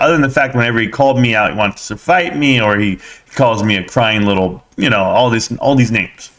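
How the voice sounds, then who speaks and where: A male live-stream host with a mid-range voice, chatting casually and with energy about stocks. He keeps turning to address his viewers directly, in a loose, conversational run of talk. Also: mid-range voice. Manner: energetic, talks straight to viewers as "guys".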